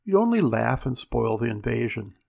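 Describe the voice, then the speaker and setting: A man reading a story aloud, voicing a loud, strong-willed seven-year-old girl with a high, eager, commanding tone. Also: sing-song, moderate pace, gravelly, slightly rough, exaggerated voice. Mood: bossy.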